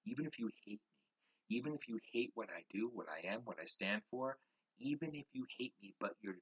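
A man's voice: on the low side, expressive, brisk, a bit bright, breathy edge, dull audio. A man hosting his own podcast, delivering a fired-up social commentary rant that repeats phrases for emphasis. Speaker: podcast host.

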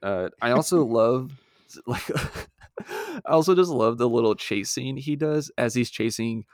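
A man's voice: medium pitch, lively intonation, measured pace, a little mellow, no room sound, studio quality. A man co-hosting a casual chat about a film, laid-back, laughing often and swearing casually. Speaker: podcast co-host.

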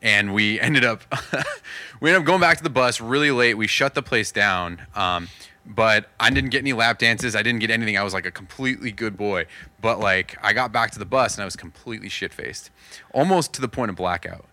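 A man's voice: fairly low pitch, brisk, pushed and bright, no echo. A man in his thirties telling a candid, rambling story as a podcast guest, laughing often and full of fillers. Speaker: podcast guest, touring musician. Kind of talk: casual storytelling.

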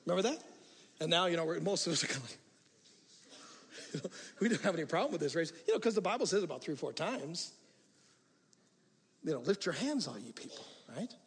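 An older man preaching a sermon as pastor, animated, moving from hushed asides to loud emphatic passages. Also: a little high, fairly quick, long pauses, a little hiss or hum. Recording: reverberant hall.

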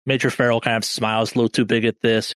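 A man's voice: mid-range voice, little pitch movement, fast talker, a bit bright, clear, resonant tone, no echo, studio quality. A man narrating a tabletop game as game master in a casual, hedging way.

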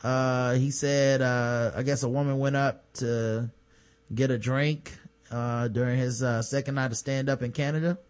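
Man, podcast co-host, middle pitch, reads the news then cuts in with cursing sarcasm, loose casual chat. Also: steady tone, measured pace, smooth. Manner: sarcastic, profane commentary between read-out news items.

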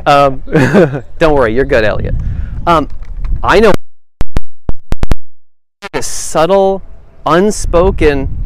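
A man's voice: a little high, slow, long pauses, slight background noise. Conversational man leading a Bible study. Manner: conversational, thinking aloud, asks the group questions. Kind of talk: casual group discussion.

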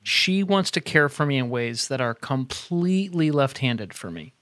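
A middle-aged man co-hosting a casual faith podcast, an animated storyteller who talks in quick bursts and laughs often. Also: mid-range voice, no echo, studio quality. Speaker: podcast co-host. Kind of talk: casual chat. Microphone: headset earbuds at a desk.

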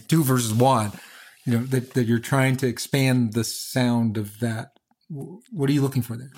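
A man's voice: medium pitch, a little mellow. A man hosting an interview, asking curious, probing questions and rephrasing them as he goes. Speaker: interview host.

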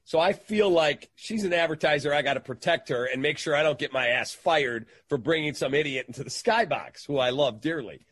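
A middle-aged man recounts a story as a guest, throwing himself into it and mimicking everyone he quotes. His voice is husky and slightly rough at the edges. The sound is dry and close, with no room around it. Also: a little high, a little fast, hardly any pauses, no room sound. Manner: animated storyteller who acts out quoted voices. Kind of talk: storytelling in an interview.

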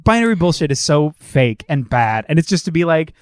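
A man's voice: on the high side, big pitch swings, fairly quick, smooth, no room sound. A man in casual conversation about a film, emphatic and profane, often laughing as he makes his points.

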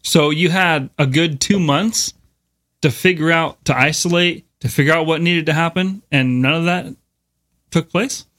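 A man's voice: a little high, a little slow, fairly bright tone. A man co-hosting a podcast, chatting casually, agreeing often and swearing now and then. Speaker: podcast co-host. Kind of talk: casual conversational podcast talk.

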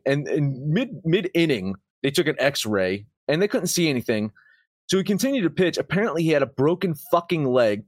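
A man hosting a sports betting show, talking in a casual, animated way with frequent swearing and emphatic outbursts. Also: fairly high pitch, no echo, clean studio sound. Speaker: sports betting podcast host.

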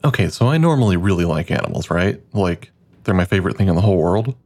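A man voicing an excitable, animal-loving adventurer who chattily recounts a fight in a mock interview. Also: low-pitched, fast, faint music behind. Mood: excited. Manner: rambling, chatty, exaggerated quoted voices. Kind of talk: mock interview role-play.

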